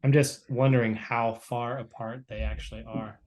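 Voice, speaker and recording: A man's voice: medium pitch, little pitch movement, moderate pace, a little mellow. A man in a casual chat, talking in an offhand, joking and slightly crude way.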